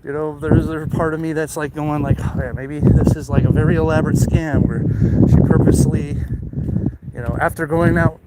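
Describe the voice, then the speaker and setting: A man's voice: on the high side, steady tone, moderate pace. A man casually telling a story while walking outdoors, rambling with many fillers and restarts. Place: outdoors on a walk. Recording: loud outdoor noise.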